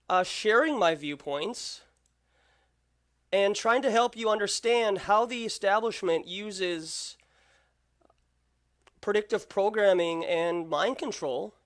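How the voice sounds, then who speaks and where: A channel host giving slow, deliberate, lecturing commentary on a live stream. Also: medium pitch, fairly bright tone.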